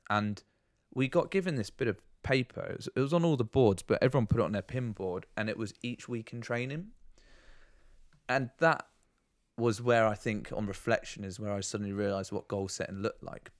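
Brief: young male guest, lowish voice, lively casual storyteller, dry close mic. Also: moderate pace, dry recording. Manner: animated, swears freely, acts out quotes. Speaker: podcast guest.

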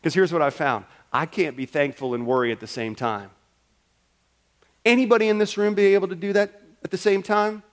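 A male pastor with a notably high voice preaches to his congregation. He leans into his points emphatically, often dropping into acted-out prayers and imagined conversations. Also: brisk. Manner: emphatic, acts out prayers and quoted talk. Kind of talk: sermon. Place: church.

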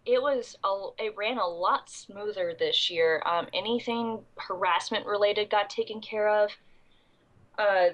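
A young woman with a congested, coughing voice tells a rambling story in casual chat. Her pitch sits in the middle, and her talk is full of ums and restarts. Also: a bit bright, low-quality recording. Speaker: convention goer recapping the event.

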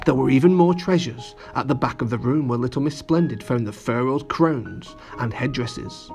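A man reading a children's story aloud and chatting warmly to the boys and girls listening, with lots of animated emphasis. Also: mid-range voice, normal speed, gravelly, faint music behind. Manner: lively, addressing children directly.

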